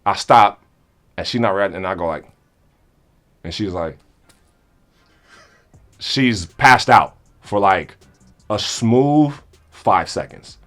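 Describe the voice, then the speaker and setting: Young adult male storyteller, deeper voice, animated, casual comedic delivery. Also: takes it slowly, pauses often. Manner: animated, acts out both sides of a conversation. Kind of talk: comedic storytelling among friends.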